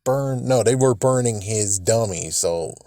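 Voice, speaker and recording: A man's voice: lowish voice, unhurried, warm tone, no echo. Rambling male video host. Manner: rambling, self-correcting. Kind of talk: casual commentary.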